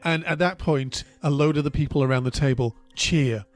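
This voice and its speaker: A man narrating as game master in a tabletop role-play, in a relaxed descriptive way. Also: fairly high pitch, normal speed, faint music behind.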